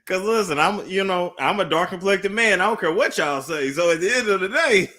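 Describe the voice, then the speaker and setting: Young male guest, fairly high, bright tone, animated storyteller, swears freely. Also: a little fast, a little hiss or hum. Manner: lively storyteller, laughs, swears casually. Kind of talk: casual chat.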